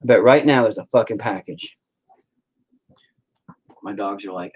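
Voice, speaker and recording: A man's voice: fairly low pitch, a little slow, long pauses, a little mellow, husky. A man chatting casually while he paints, swearing a lot and mocking himself as he rambles. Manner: profane, self-deprecating rambling. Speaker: painting vlogger.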